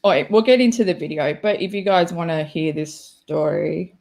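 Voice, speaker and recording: A young Australian woman hosts a casual livestream, reacting to her chat in a chatty, self-deprecating way. Her voice is lowish and a little mellow, with vocal fry, at a normal speed.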